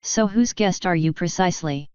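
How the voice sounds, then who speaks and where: A woman voicing a calm, contemptuous male courtier who speaks in a cutting tone. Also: fairly low pitch, normal speed, clean tone, dry recording, highs cut off, natural voice. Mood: cold.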